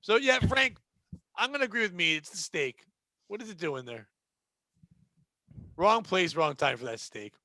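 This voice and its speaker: A man with a high, bright voice that swings widely in pitch trades crude jokes and laughs often as he hosts a loose podcast chat. The sound is dry and close. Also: lively intonation, moderate pace, long pauses, dry recording. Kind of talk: casual chat.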